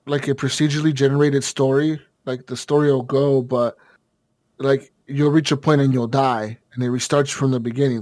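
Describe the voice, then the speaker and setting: A man's voice: medium pitch, a little mellow, no echo. A man co-hosting a gaming podcast, rambling and swearing freely as he chats casually. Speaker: podcast co-host.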